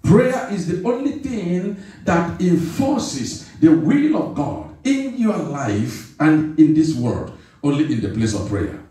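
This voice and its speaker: A male pastor preaches with a high, swooping voice, hammering his points home through repetition and calling on the congregation to answer back. He sounds distant from the microphone, and his words ring through a big echoing church hall. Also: very animated, slow, warm tone. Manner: emphatic call-and-response preaching; repeats phrases for emphasis. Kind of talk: sermon. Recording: echoey hall from far off.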